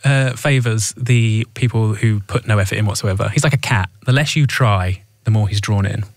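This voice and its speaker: A man's voice: lowish voice, normal speed, dry recording. A man in his thirties co-hosting a radio show, telling wry anecdotes in casual banter. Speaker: radio co-host.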